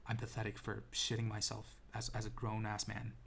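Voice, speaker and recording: A man's voice: on the low side, monotone, brisk, creaky, fairly bright tone, slight background noise. A young man telling a personal story to camera in a rambling, self-deprecating way, full of restarts and ums, seated indoors. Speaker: vlogger. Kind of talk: casual storytelling monologue.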